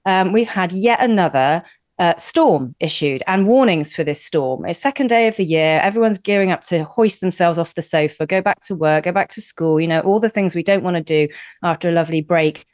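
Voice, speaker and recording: A woman from the UK co-hosting a talk radio show, talking in a chatty, animated way. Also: on the low side, brisk, dry recording, studio quality. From United Kingdom. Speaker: radio co-host.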